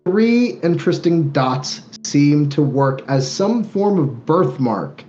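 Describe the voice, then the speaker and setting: A man's voice: a little high, very animated, slow, dark tone, muffled recording, a little hiss or hum. A man working as game master, narrating a tabletop game in a loose, descriptive way with lots of fillers.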